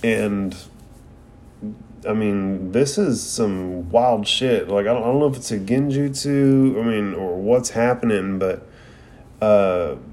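Male anime reviewer, rambling casual commentary with cursing, mellow and unhurried. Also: lowish voice. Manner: profane, rambling, frequent "like".

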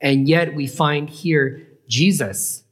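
Man, preacher, bible teaching, asks listeners questions, fairly high voice. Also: slow. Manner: retells scripture with questions to listeners.

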